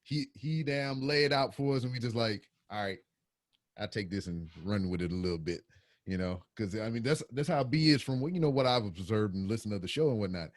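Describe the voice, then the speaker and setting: A middle-aged man with a fairly low voice talks easily on a podcast, swearing now and then. His pitch still moves a lot as he tells his stories, and the sound is dry and close. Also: lively intonation, a little fast, dry recording. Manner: laid-back, swears casually. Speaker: podcast guest. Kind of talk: casual podcast chat.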